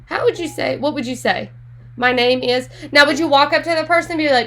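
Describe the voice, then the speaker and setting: A woman teaching an online Spanish class in a chatty, animated way, laughing often. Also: high voice, quick pace.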